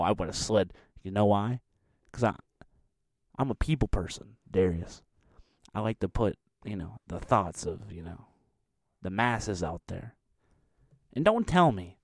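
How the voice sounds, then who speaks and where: A man giving a sports commentary as an animated, mocking rant, acting out the quotes he tells. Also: fairly low pitch, no echo, clean studio sound.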